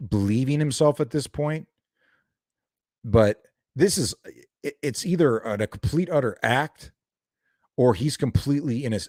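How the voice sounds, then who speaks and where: A man's voice: medium pitch, a little mellow, no room sound, clean studio sound. A young man doing a heated, profane reaction video, ranting and calling people out. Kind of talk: angry reaction commentary.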